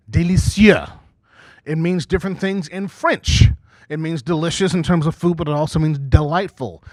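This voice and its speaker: A man over forty working a live stand-up set, his voice sitting a little high for a man. He chats with the crowd, tosses in "okay?" after his lines and slips into quick put-on voices for his stories. The sound is close and dry. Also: no echo. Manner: conversational, frequent "okay?" asides, acts out quoted voices. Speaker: stand-up comedian and emcee. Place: small community TV studio stage before a live audience.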